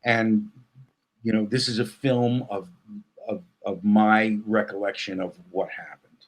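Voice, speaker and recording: Halting, thoughtful man, interview guest. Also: lowish voice, steady tone. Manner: thoughtful, halting, many fillers and restarts. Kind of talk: casual interview conversation.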